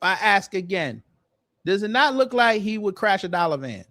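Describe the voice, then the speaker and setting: A man hosts a casual commentary video, mocking his target in slangy, deadpan jokes. His voice sits a little on the high side. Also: normal speed. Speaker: host. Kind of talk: roasting commentary.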